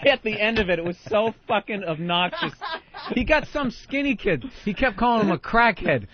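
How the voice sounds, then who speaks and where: A man on a radio talk show, telling a story in an excitable, profane way and laughing along. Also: high voice, normal speed, highs cut off.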